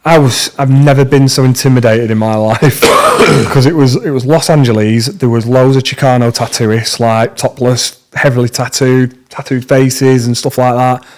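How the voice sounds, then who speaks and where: A young British man, a podcast guest, telling stories in a casual, slangy, animated way. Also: mid-range voice, normal speed, few pauses. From Britain. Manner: animated, slangy, acts out dialogue in lively bursts. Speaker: podcast guest, tattoo artist. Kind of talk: casual storytelling.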